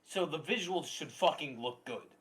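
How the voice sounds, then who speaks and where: A man's voice: fairly high pitch, expressive, normal speed, a bit bright. A man co-hosting a casual podcast, earnest and cursing, with lots of "you know" and "uh". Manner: earnest, swears, many fillers. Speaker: podcast co-host. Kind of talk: casual chat.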